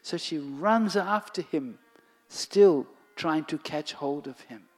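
A storyteller narrating a devotional tale slowly and expressively, sinking to a whisper at times. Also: medium pitch, animated. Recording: long hall reverb, faint music.

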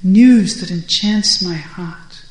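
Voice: mid-range voice, takes it slowly, lightly acted. A storyteller voicing a playful young cowherd hero who blusters in mock anger, with lifted, emphatic lines. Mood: flustered. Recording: roomy echo.

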